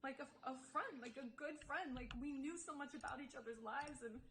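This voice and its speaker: A woman's voice: high-pitched, a little fast, fairly bright tone, a little hiss or hum, low-quality recording. Chatty young woman, lots of fillers. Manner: chatty, many "like" fillers, quotes others in dialogue. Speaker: YouTuber. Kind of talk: casual storytime vlog.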